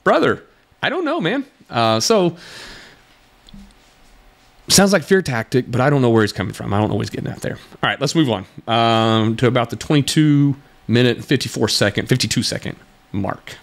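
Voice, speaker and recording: A male podcast host talks back to a video he is critiquing. He sounds exasperated and sarcastic, and his pitch rises and falls widely as he makes his points. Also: expressive, normal speed, gravelly. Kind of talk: commentary responding to a video.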